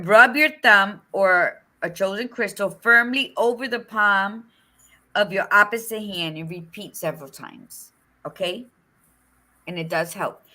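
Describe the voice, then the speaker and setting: A middle-aged woman co-hosting a casual talk show, chatting in an expressive, frank and folksy way, with Spanish words mixed in. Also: medium pitch. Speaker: podcast co-host. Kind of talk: casual chat.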